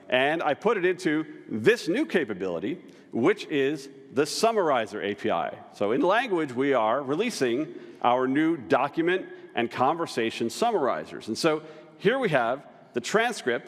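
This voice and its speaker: A middle-aged man presenting a live product demo at a conference, upbeat and chatty, with casual asides, speaking into a stage microphone in a large hall. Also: on the high side. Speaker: tech executive presenting a conference session. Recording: hall with long reverb.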